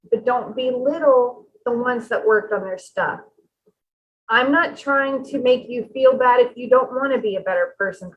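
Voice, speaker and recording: Higher-voiced woman, earnest and heartfelt spiritual teacher; dull lo-fi recording. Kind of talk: casual spiritual talk.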